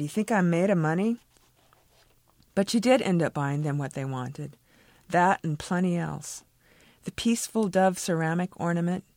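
A woman, the author, reading a passage from her own novel in a measured, expressive way. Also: low-pitched, no room sound.

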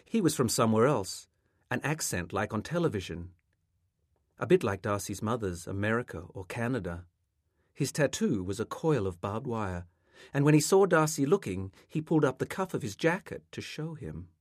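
A male author reading a passage of his literary novel aloud in a measured, expressive way, close to the microphone. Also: mid-range voice, no echo.

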